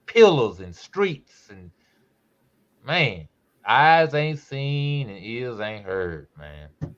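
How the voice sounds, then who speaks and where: A man hosting a podcast who reads a scripture text aloud slowly and emphatically, breaking off for casual asides. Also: medium pitch, very animated, highs cut off. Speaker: podcast host.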